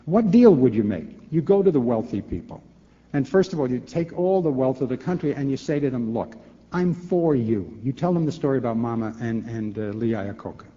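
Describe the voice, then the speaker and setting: A man in his sixties, a former governor, answering a question at a forum with animated, rhetorical talk, acting out both sides of dialogues and repeating words as he restarts. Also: medium pitch, brisk. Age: 60s. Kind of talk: lecture-hall Q&A answer. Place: large lecture hall. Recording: echoey hall, dull lo-fi tape.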